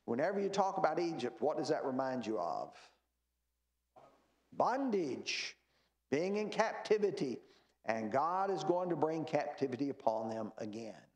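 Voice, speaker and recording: A man's voice: a little high, big pitch swings, unhurried, darkish tone. Man teaching Bible study in an echoey room. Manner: reads scripture aloud with rising emphasis, explains plainly with fillers. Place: church meeting room.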